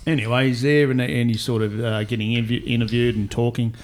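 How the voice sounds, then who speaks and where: A man's voice: medium pitch, flat delivery, quick pace, darkish tone. Slangy man in blunt banter. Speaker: podcast co-host. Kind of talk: casual chat.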